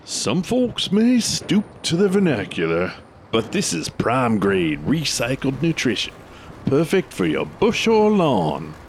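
A man doing a pushy, smooth-talking pitchman with a lively, swooping delivery. He talks fast and salesy, over faint background hiss. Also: full character voice.

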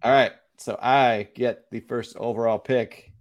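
A man co-hosting a laid-back sports podcast, chatty and upbeat, with a voice of ordinary middle pitch. He laughs easily and keeps the banter rolling at an easy pace. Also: steady tone, unhurried. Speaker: podcast co-host. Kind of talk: casual sports podcast chat.

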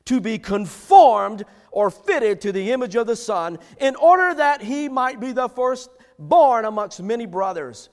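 High-voiced preacher in a reverberant hall. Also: male voice, very animated, measured pace, darkish tone. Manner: emphatic preaching, repeats phrases for stress. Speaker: pastor. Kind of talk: sermon.

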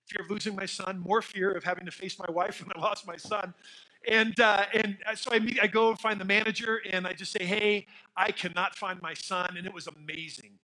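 A middle-aged man preaching a sermon as pastor, telling stories in an animated way with fillers and dropping to quiet emphasis. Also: high-pitched, fairly quick, rough recording.

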